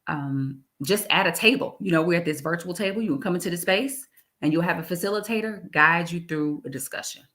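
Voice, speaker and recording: A woman talking in a casual interview, animated, laughing often and repeating her phrases. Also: on the low side, a little fast. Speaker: guest, executive director.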